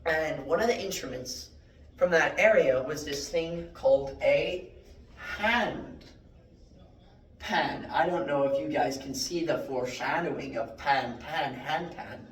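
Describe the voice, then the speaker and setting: A man giving a mock classroom lecture, rambling through deadpan fake word origins with many fillers. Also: on the high side, slow, slight background noise. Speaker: joke Latin teacher. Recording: echoey room, mic at a distance.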